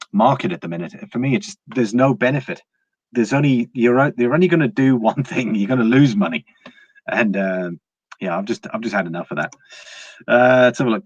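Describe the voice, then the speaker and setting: A British man chats through a live stream at an ordinary middle pitch. He reads viewer comments aloud and circles his points with plenty of fillers and false starts. The sound is dry and close, a little dull and lo-fi. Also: dry recording. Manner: rambling, with frequent fillers and restarts.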